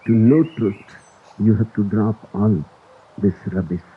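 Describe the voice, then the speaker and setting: A man giving a spiritual discourse in a slow, deliberate and emphatic way, on an old recording. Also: lowish voice, fairly even intonation, slight background noise. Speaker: spiritual teacher. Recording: tinny lo-fi archive recording.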